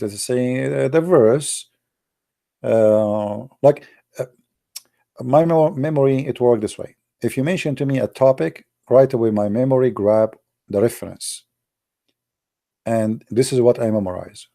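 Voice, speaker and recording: With a creaky voice, a man from the Arab world, Arabic his first language, tells stories in broken English marked by an Arabic accent. His animated monologue soars high and excited at each punchline.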